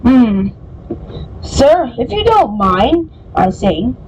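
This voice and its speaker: A woman's voice: on the high side, sing-song, extremely slow, a little mellow, muffled recording, a little hiss or hum, heavily acted. A woman voicing a polite, deferential male engine fireman in a storybook. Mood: respectful.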